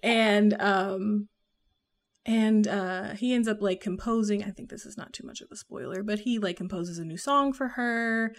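A woman's voice: medium pitch, measured pace. A woman from the American South with a Southern accent, chatting casually about a book she read, rambling with lots of fillers and laughing often. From Southern United States. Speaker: podcast co-host reviewing a book. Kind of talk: casual chat.

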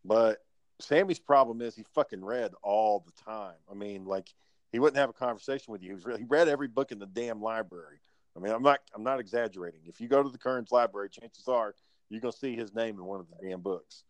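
A man's voice: lowish voice, fast, dry recording, poor audio. A man telling a rambling story among friends, swearing often and restarting his sentences. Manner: rambling, profane, with many restarts. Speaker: storyteller in a casual chat. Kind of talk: casual profane chat among friends.

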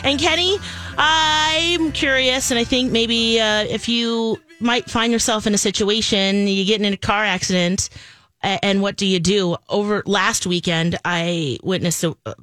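A woman co-hosting a morning radio show in casual chat, chatty and bubbly with quick asides, on a studio microphone. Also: medium pitch, a bit bright, no echo.

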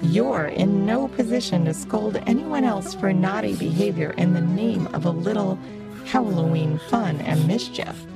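A woman putting on a grinning pumpkin trickster from a children's storybook, loud, coaxing and sing-song. His voice rides slightly high, with a gravelly edge, over music. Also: measured pace. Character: jolly persuasive male pumpkin trickster.

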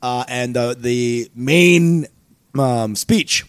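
A man's voice: medium pitch, drawn-out words, clear, resonant tone, no room sound. A man from Texas co-hosting a podcast, telling stories in loose, profane, joking banter. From Texas, USA. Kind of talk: crude comedic banter.

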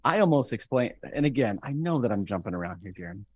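A man's voice: medium pitch, big pitch swings, fast talker, husky. A man co-hosting a casual podcast, talking enthusiastically about a TV episode with many fillers. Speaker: podcast co-host.

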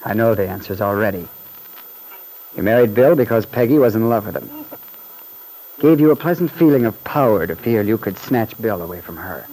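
A man's voice: fairly low pitch, lively intonation, moderate pace, pauses often, warm tone. An actor playing a blunt, contemptuous young writer who lectures a woman in 1940s radio drama style. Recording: scratchy old radio broadcast.

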